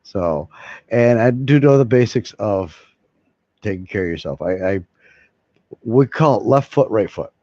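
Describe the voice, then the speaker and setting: Rambling, swearing man with a low, dark voice. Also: animated, measured pace, long pauses, dry recording. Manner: rambling, swears freely, laughs between lines. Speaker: vlogger. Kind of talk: rambling casual monologue to viewers. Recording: dull lo-fi sound.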